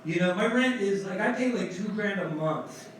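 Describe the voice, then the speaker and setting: A man's voice: high voice, lively intonation, moderate pace, a bit bright, far from the mic. A man in his forties from New Jersey doing a profane, self-mocking stand-up set. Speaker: stand-up comedian. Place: comedy club stage. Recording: echoey club room, mic heard from afar with crowd noise.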